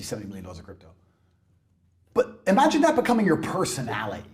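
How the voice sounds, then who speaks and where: Brash, mocking man with a lively voice. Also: on the high side. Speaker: podcast guest. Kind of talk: provocative podcast rant.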